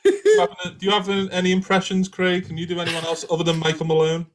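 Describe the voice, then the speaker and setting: A man's voice: sits high, quick pace, slight background noise, low-quality recording. A man with a Scouse accent co-hosting a live panel podcast, telling stories in a laughing, self-deprecating way. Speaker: podcast co-host. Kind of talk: casual panel chat.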